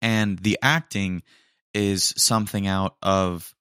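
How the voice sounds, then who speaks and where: A man's voice: low-pitched, steady tone, slow, sharp tone, clean tone, no echo, studio quality. A man hosting a podcast in casual, rambling chat, trailing off and restarting with slang. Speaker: podcast host.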